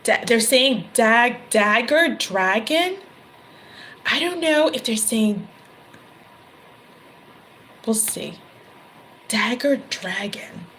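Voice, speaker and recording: A woman's voice: a little high, animated, extremely slow, long pauses, fairly bright tone, slight background noise, rough recording. A woman giving a casual tarot reading, chatty, laughing often and correcting herself mid-sentence. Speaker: tarot reader. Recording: card shuffling and clicks behind voice.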